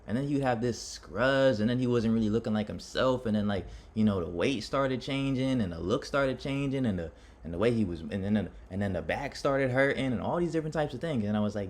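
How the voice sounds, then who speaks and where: A man's voice: medium pitch, animated, a little fast. A man giving an impassioned personal monologue to his viewers. He talks in a dramatic, rambling way, restarting his sentences and speaking straight to his audience. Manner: dramatic, addresses listeners directly. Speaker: vlogger on self-improvement.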